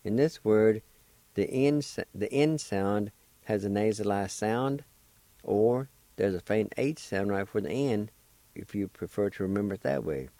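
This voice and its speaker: A man hosting a radio language lesson, patiently spelling words and sounding out syllables slowly, with encouraging words for learners. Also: fairly low pitch, mellow, no room sound. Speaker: radio language teacher and host. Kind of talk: slow step-by-step pronunciation lesson.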